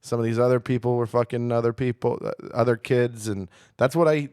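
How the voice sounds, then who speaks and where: A man's voice: medium pitch, fairly even intonation, brisk, darkish tone, clean tone, no room sound, studio quality. A man co-hosting a comedy podcast, chatting casually with crude jokes and rambling asides. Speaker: podcast co-host.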